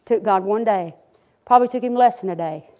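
A woman preaching a sermon in a folksy, storytelling way, dropping into solemn, slow emphasis. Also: medium pitch, mellow. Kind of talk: sermon with a told joke.

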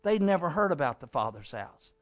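A man preaching a sermon in a notably high voice. He talks dramatically and leans into repeated phrases that build one on another. He speaks straight to his listeners, calling each one "my friend". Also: very animated, brisk.

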